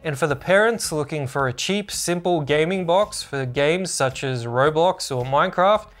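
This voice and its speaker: Upbeat male tech reviewer, higher voice. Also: expressive, normal speed, fairly bright tone, faint music behind. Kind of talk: scripted product review narration.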